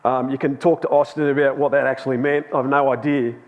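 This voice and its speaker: A man's voice: mid-range voice, flat delivery, brisk, narrow, tinny audio. A man telling a personal story in a chatty, anecdotal sermon to a youth Bible class in a church hall. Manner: chatty and anecdotal, with laughs and restarts.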